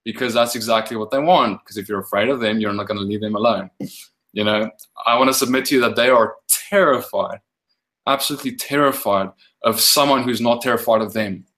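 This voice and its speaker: Speak as a man of middle pitch, telling your story loosely with plenty of "um" and "like" and restarting your sentences as you go. When you reach the prayers, harden into firm, commanding authority, then drift back into easy, rambling talk. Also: a little fast, fairly bright tone, low-quality recording. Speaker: guest minister. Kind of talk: casual testimony and teaching.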